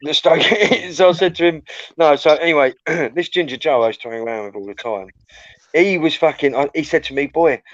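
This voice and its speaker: A man's voice: on the high side, brisk, no room sound, muffled recording. A man hosting a livestream, telling a crude, rambling anecdote full of swearing. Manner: crude, swearing, storytelling, animated. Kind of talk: casual chat, rambling anecdote.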